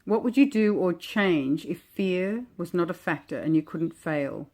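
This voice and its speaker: A woman with a slightly low voice talks through cards one by one in a gentle, reflective way. She muses aloud, chatty and unhurried, as if sharing with a friend. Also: expressive. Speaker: oracle deck creator. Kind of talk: casual walk-through of oracle cards.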